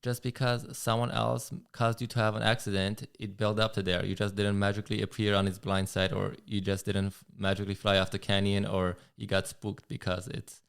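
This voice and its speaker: A man's voice: on the low side, monotone, fairly quick, gravelly, hardly any pauses, clean tone. Man, podcast guest, resonant tone, reflective, casual chat. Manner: reflective, many restarts. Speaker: guest rider.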